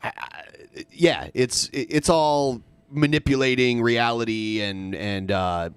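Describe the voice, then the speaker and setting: A man with a middle-pitched voice hosts a casual panel podcast, chatting and steering the conversation. His recording is dry and close, with no room sound. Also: takes it slowly, clear, resonant tone, dry recording. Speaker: podcast host.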